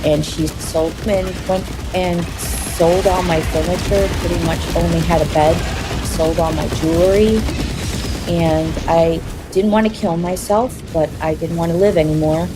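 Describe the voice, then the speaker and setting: A woman telling her personal story in an interview, in a halting, confessional way. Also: on the low side, steady tone, very noisy.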